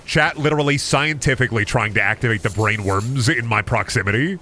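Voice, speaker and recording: A man's voice: lowish voice, fast talker, few pauses, noisy background. A young man streaming a game, chatting casually and profanely, rambling and singing silly chants to himself. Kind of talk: casual gaming stream chat.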